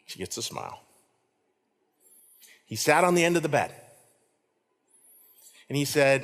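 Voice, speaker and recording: A man preaching a sermon as pastor, animated, swinging from loud to hushed. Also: mid-range voice, a little slow, gravelly, long pauses. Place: church hall. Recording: long hall reverb.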